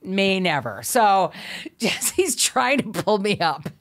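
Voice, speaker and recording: A middle-aged woman telling an animated story as a podcast guest, laughing often, swearing and acting out quotes. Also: medium pitch, takes it slowly.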